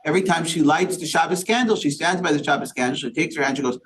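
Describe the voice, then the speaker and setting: A man's voice: fairly high pitch, quick pace, a bit bright. A man, a rabbi, leading an interactive Torah study class, quizzing the group with questions and using Yiddish and Hebrew terms. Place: synagogue study session with a small group.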